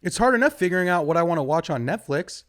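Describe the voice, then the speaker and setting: A young man works through a stand-up set in a rambling, foul-mouthed way. His fairly high voice swings widely in pitch and leaps into loud outbursts. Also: fast. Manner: profane, rambling, animated delivery with sudden loud jumps. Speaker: stand-up comedian.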